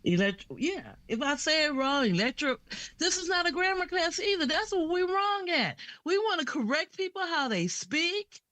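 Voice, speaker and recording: A woman's voice: big pitch swings, normal speed, hardly any pauses, fairly bright tone, dry recording. Woman caller, defensive, talks over the host, dry close sound. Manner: talks over the host, defensive, rising pitch when pressed. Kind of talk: heated call-in argument.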